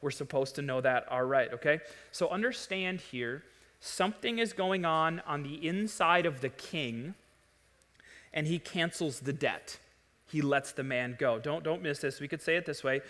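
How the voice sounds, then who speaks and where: Man, pastor preaching to a congregation, high-pitched and animated, reverberant church. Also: normal speed. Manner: animated, rising to loud emphatic peaks. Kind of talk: sermon. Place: church sanctuary. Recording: long hall reverb.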